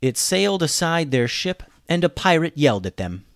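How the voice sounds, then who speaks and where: A man narrating a children's adventure story with an expressive, animated delivery. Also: fairly high pitch, normal speed, creaky, hardly any pauses, no echo, clean studio sound.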